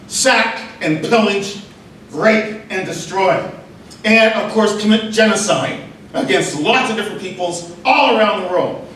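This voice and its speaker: A high-voiced man with a Nova Scotian accent delivers a keynote address in a measured, rhetorical way, stacking his points into emphatic lists. His voice rings through a very echoey hall and is picked up from well away from the mic, with a faint hum of room noise behind it. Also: fairly bright tone, recorded from a distance. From Nova Scotia, Canada. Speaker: keynote speaker.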